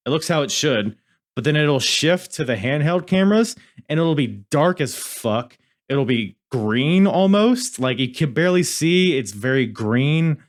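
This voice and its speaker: A man's voice: on the high side, animated, a little slow. A man hosting a podcast in casual review chat, rambling and swearing, often cutting himself off mid-sentence. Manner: rambling, profane, self-interrupting. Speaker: podcast host.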